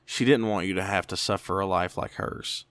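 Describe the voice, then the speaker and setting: A man's voice: low voice, steady tone, moderate pace, no room sound. A man voicing a smug, honeyed little demon. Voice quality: warm, soothing, smug. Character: small grinning male demon, honeyed and fatherly.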